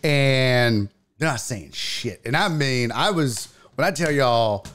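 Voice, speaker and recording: A man hosting a podcast, telling a story in casual chat, profane and animated. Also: takes it slowly. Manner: animated, profane, acts out quotes in a loud high voice. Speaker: podcast host.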